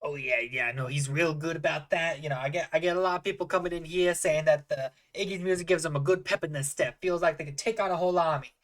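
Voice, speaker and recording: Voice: medium pitch, fairly even intonation, fast, hardly any pauses, close to an everyday voice. A game master voicing an older male halfling bartender who chats like a salesman and repeats himself, improvised at a tabletop game. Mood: chatty. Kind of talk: improvised tabletop role-play voice.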